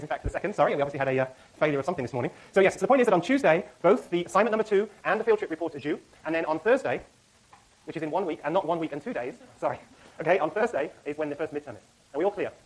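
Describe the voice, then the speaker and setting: In a lecture hall, a middle-aged university lecturer rattles off class announcements, packing his speech with fillers and self-corrections. His voice is a little high.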